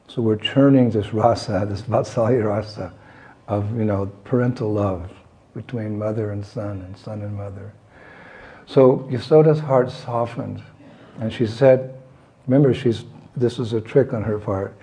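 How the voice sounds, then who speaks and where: A man giving a devotional talk, telling a scripture story in a measured way and acting out its characters. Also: on the low side, fairly even intonation, dark tone. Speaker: devotional speaker.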